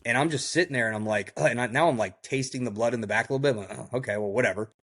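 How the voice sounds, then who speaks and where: A man's voice: medium pitch, very fast, fairly bright tone. A man guest on a podcast, telling a story casually in the first person with blunt, vivid detail and many fillers. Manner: vivid, blunt retelling that acts out the quoted dialogue; frequent fillers like "like" and "I go".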